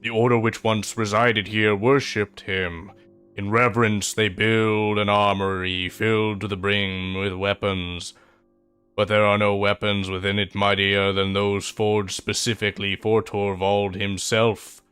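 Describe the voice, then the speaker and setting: A man voicing a stone golem in monotone. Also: lowish voice, clear, resonant tone, faint music behind, pitched below the performer's own voice. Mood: solemn. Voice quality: flat automated monotone. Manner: slow, formal pronouncements. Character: solemn stone golem guardian, male, huge.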